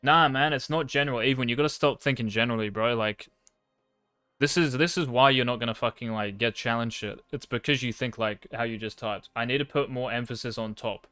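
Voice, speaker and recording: Young man, game coach, blunt and sweary, casual slang, mid-pitched voice. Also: fairly quick, bright, forceful tone, smooth, no echo, faint music behind. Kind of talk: blunt gameplay coaching over a replay.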